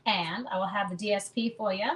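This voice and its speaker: A woman's voice: mid-range voice, steady tone, a little fast, heavy background noise. A middle-aged woman teaching a card-making class live, chatting casually, greeting viewers by name and making self-deprecating asides. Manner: rambling storyteller mid-task. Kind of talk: casual live-stream craft tutorial.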